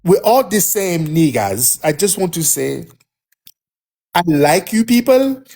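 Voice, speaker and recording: A man's voice: on the high side, big pitch swings, slow, vocal fry, darkish tone, full character voice. A man voicing an overly humble man who fawns and begs for peace, in a meek, wheedling, sing-song way. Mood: fawning.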